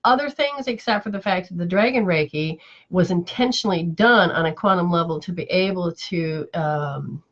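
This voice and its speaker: A woman's voice: fairly low pitch, normal speed, a bit bright, highs cut off. A woman spiritual teacher in casual live chat, telling stories in a rambling, emotional way with many restarts.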